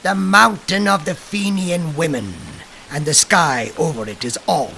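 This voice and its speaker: A man voicing a solemn spirit of a well, giving commands in a low, slow voice. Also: vocal fry, bright, forceful tone, slight background noise, heavily acted.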